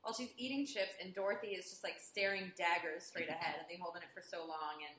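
A woman's voice: on the low side, fast. A woman on a podcast, chatting casually with lots of "like" and easy laughter. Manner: animated, filler-heavy, laughs easily. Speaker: podcast co-host. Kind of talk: casual chat. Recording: echoey room with faint noise.

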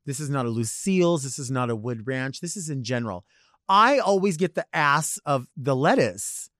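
A man's voice: mid-range voice, animated, normal speed, a bit bright, dry recording, studio quality. A man in drag hosting a talk show, delivering a campy, theatrical comic monologue full of rambling asides. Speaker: podcast host in drag.

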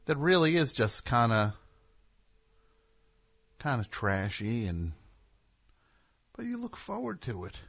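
A man's voice: medium pitch, wildly swooping pitch, slow pace, gravelly, pauses often, a bit bright, dry recording. Sarcastic ranting male radio host, dry. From New Jersey. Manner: ranting, sarcastic comic riffing. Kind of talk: call-in radio talk show.

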